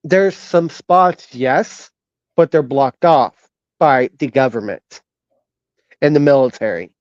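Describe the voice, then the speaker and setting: Slow, halting man on a lo-fi stream. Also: mid-range voice, a little mellow, no echo. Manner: hesitant, halting, many fillers and restarts. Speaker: co-host. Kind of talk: casual online chat show.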